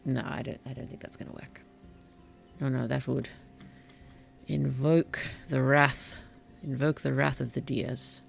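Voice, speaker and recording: A streamer giving relaxed gameplay commentary in a gentle, whimsical, polite way, with puns and soft whispered asides. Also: medium pitch, measured pace, creaky, soft background music. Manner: drops into soft whispers at times. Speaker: VTuber streamer and author.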